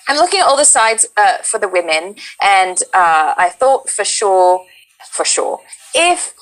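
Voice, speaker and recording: A woman in her thirties from Texas, a voice actress guest, telling a lively anecdote in a put-on British accent and acting out her own reactions. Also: medium pitch, rough recording. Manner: animated storyteller, acts out her own reactions. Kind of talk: casual anecdote in interview.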